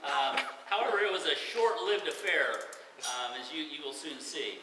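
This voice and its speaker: Man in his 60s, high voice, joking party speech, far-off mic in a noisy hall. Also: moderate pace. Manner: joking storyteller, laughs through his lines. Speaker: brother of the retiree giving a speech. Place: party venue hall, indoors.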